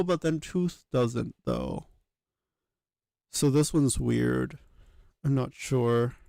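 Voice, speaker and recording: A man's voice: medium pitch, creaky, darkish tone, smooth, no echo. A man thinking aloud as he works, hesitant, with many fillers and self-corrections. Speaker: channel host working through a reconstruction. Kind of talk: thinking aloud while working.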